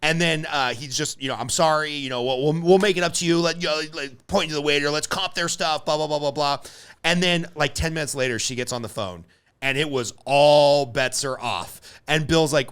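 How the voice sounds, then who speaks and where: A man's voice: on the high side, brisk, fairly bright tone, smooth. A man hosting a podcast, telling a story in casual chat, acting out quotes and swearing freely. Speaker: podcast host.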